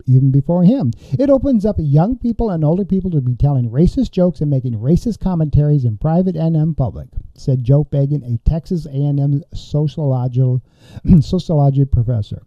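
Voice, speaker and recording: A man's voice: fairly high pitch, no room sound, dull audio. A man hosting a podcast, reading news reports aloud and commenting on them with open indignation. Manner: indignant, reads quotes then comments with outrage. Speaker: podcast host.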